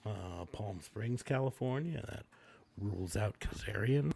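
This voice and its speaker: A man co-hosting a casual chat, rambling with many pauses and fillers. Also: on the low side, lively intonation, creaky, warm tone, slight background noise. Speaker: podcast co-host.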